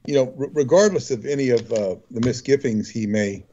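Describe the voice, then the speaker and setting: A man's voice: medium pitch, a little fast, dark tone, dull audio. A man talking as a guest in casual chat, telling long rambling anecdotes.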